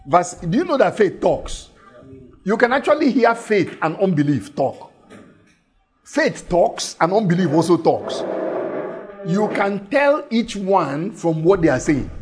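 A man preaching a sermon, reading scripture slowly and emphatically, repeating phrases and asking his listeners questions. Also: high-pitched, darkish tone, slightly rough. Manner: reads scripture slowly and deliberately.

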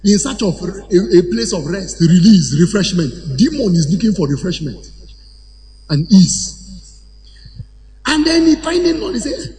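A man preaching a sermon to a congregation, animated and at times shouting or chanting phrases. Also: sits high, unhurried, pauses often. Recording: hall reverb with faint ambience.

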